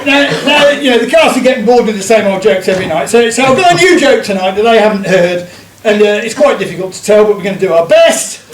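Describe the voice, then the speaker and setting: A man's voice: high-pitched, expressive, fast talker, noisy background. A man telling jokes to a live pub audience, rambling and chuckling at his own punchlines. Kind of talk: live stand-up joke telling. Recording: echoey room, distant mic.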